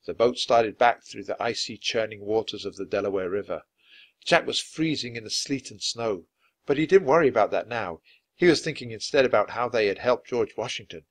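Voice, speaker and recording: Expressive man reading a children's story. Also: medium pitch. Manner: clear, expressive narration. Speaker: storybook reader. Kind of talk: reading a children's book aloud.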